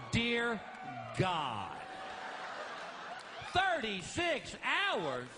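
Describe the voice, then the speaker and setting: A middle-aged man performing stand-up comedy with a fairly high voice that leaps all over the place. He keeps shouting his punchlines and chuckling mid-sentence, with a faint hiss underneath. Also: big-room sound. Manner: animated, shouts punchlines and laughs mid-line.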